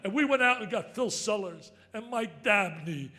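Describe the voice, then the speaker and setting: An older man tells stories in a speech. His voice sits high, and he talks in an excitable, emphatic way, often rising to a shout. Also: normal speed. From New Jersey. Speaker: sportscaster giving an induction speech. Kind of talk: storytelling speech.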